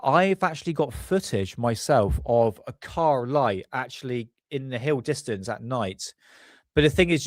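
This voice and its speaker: A man talks through a casual livestream in a loose, rambling way, often correcting himself as he goes. His nose sounds blocked up and his voice is mid-pitched. The sound is close and dry. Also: dry recording. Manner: rambling, chatty, self-correcting. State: congested, stuffy sinuses. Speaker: livestream host.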